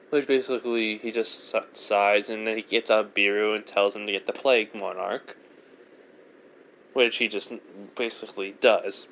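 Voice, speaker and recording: A man improvising a fan-fiction story aloud in a rambling way, with many fillers and restarts, and with brief higher voices for the women in it. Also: fairly even intonation, normal speed, fairly bright tone, slight background noise.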